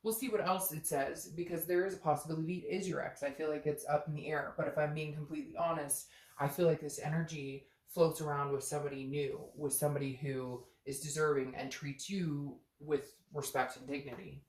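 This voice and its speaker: A woman's voice: sits low, steady tone, fairly quick, few pauses, darkish tone. Chatty woman reading tarot, echoey room. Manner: chatty, earnest, thinks aloud with many fillers. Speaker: tarot reader. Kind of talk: casual tarot reading to camera.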